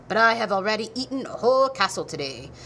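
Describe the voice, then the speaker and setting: A woman reading as a slow, boastful storybook dragon. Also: medium pitch, very animated, pushed and bright, a little hiss or hum. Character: boastful male dragon, huge and vain.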